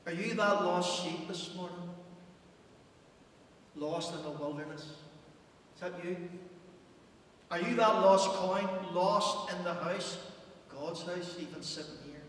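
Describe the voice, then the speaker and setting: A male pastor preaching a passionate sermon in a church, surging loud and then falling almost to a hush. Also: high-pitched, slow pace, pauses often. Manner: impassioned preaching, rising and dropping to near hush. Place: church hall. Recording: echoey church hall, distant mic, faint hum.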